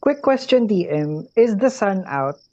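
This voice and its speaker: Woman player, low mellow voice, muffled dry mic. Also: very animated, a little slow, no room sound.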